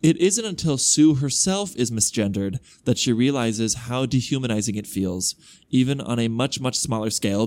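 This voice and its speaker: A man's voice: fairly low pitch, a little mellow. A man co-hosting a podcast, reading listener emails aloud and reacting with casual, wry asides. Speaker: podcast co-host.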